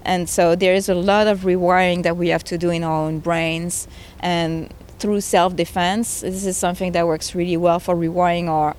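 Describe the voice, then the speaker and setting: Earnest lower-voiced woman. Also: darkish tone. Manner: earnest and emotional, speaks with conviction. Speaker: interviewee, game creator. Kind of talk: conversational interview. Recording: faint background noise.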